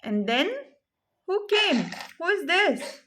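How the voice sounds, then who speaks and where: A woman speech therapist teaching a child with a story, slowly repeating her prompts and questions. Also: very high-pitched, big pitch swings, fairly bright tone. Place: therapy session room.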